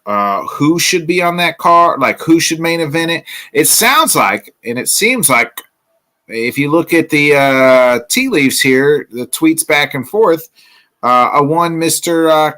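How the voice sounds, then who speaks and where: A man's voice: a little high, bright, forceful tone. A man hosting a casual solo sports podcast, rambling with lots of fillers. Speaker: podcast host.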